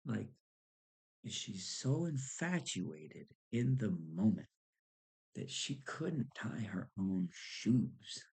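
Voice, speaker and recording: A man's voice: medium pitch, lively intonation, drawn-out words, gravelly, darkish tone, husky. A man vlogging, animatedly telling a personal story, laughing often and acting out the people in it. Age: adult with a child.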